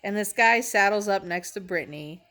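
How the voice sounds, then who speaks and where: A woman's voice: medium pitch, moderate pace, fairly bright tone. Brash, profane woman telling stories. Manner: brash, profane, self-mocking; laughs as she talks. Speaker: comedic storyteller. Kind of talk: casual storytelling.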